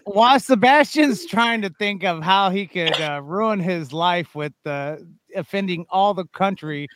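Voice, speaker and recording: A man co-hosting a podcast, steady and agreeable, leading into the next segment. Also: high-pitched, a little slow, noisy background. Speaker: podcast host. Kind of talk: casual chat.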